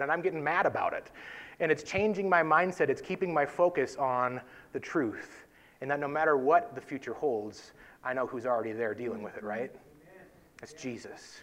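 At normal speed, a man leads a casual devotional Bible teaching, earnest and conversational. He often tags his points with "right?" and drops to a soft, low voice for emphasis.

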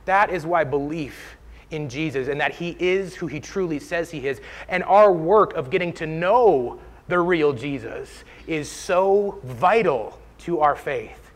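A man with a slightly high voice tells his personal faith story in a sermon. He speaks earnestly and from the heart, and his delivery is steady and sincere. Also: a little slow. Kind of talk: sermon testimony.

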